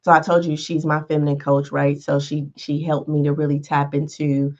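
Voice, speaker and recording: A woman's voice: low voice, little pitch movement, normal speed, darkish tone, muffled recording. A woman hosting a podcast as a life coach, talking in a casual motivational monologue, often checking in with "right?" and "all right". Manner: conversational, frequent "right?" and "all right" check-ins.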